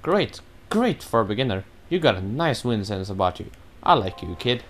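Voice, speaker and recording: A man's voice: on the low side, big pitch swings, moderate pace. A man voicing a cheerful male wind god from a video game as he reads the game dialogue aloud in a raised, drawling voice. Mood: folksy.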